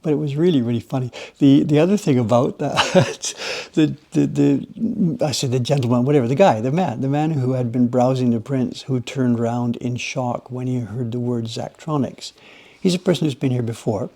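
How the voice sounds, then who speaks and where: Guy with a raspy gravelly voice rambling to his stream viewers while carving woodblocks. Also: medium pitch, normal speed. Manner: rambling, animated storytelling, chats with viewers. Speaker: livestream host, woodblock carver. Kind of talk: casual chat while working. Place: workshop.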